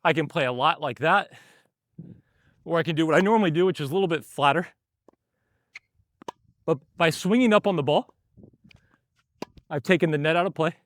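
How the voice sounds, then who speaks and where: A man's voice: on the high side, moderate pace, long pauses, no room sound, studio quality. A man teaching tennis while he rallies on a court, a bit out of breath, explaining in short bursts between shots. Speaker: tennis coach.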